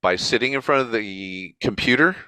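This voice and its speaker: Low, bright-toned man, animated interview guest, dry close mic. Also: moderate pace, smooth, dry recording. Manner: animated, chatty storyteller. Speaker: interview guest, convention organizer. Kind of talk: casual storytelling interview.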